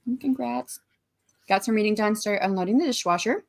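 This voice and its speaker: A woman's voice: medium pitch, fairly quick, gravelly. A woman in her forties hosting a casual writing livestream, chatting, greeting viewers by name and reading out their messages. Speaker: livestream host.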